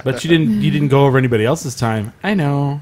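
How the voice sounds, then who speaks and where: A man's voice: mid-range voice, quick pace, a crowd in the background. A man co-hosting a live comedy show stream, chatting casually and joking, often restarting his sentences. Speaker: podcast co-host. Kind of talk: casual chat.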